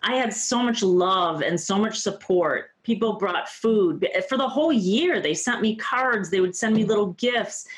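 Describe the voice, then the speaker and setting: A woman's voice: medium pitch, expressive, a little slow, hardly any pauses. A woman in her fifties, a guest on an interview show, telling her own story in an earnest, heartfelt way with lots of "you know" and "like". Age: 50s. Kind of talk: candid personal storytelling.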